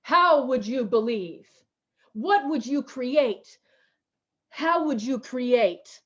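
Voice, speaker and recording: A woman pastor preaching a slow, emotional, repetitive sermon over a video call. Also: sits high, lively intonation, breathy edge, lo-fi sound. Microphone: video call mic.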